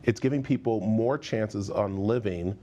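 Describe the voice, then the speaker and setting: A low-voiced man in his fifties hosts a TV morning show from a studio. He talks in a friendly, loose way with plenty of fillers. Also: measured pace, mellow, dull audio. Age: 50s. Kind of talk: studio interview chat.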